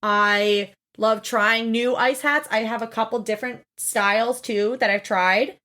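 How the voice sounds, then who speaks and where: A woman co-hosts a casual podcast, recapping a reality show with friends. She talks in a slightly high voice, animated and expressive, and swears freely. She jumps up in pitch when she acts out what people said. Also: a little slow. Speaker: podcast co-host.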